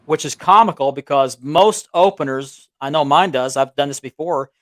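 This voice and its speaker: A man with a slightly high voice tells a long, rambling story on a remote call, restarting his sentences and chuckling as he goes. His voice sounds close and dry, with no room echo. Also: normal speed. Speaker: belt collecting show co-host. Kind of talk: casual storytelling chat. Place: small town home. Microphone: remote call with audio delay.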